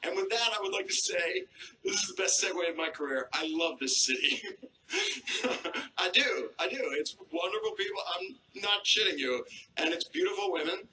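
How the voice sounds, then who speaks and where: A man's voice: high voice, animated, moderate pace, sharp tone. A man hosting a comedy show on a theater stage, making brash, crude jokes in a mock-sincere tone. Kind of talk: stand-up hosting and video narration. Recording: roomy theater sound with broadcast hiss.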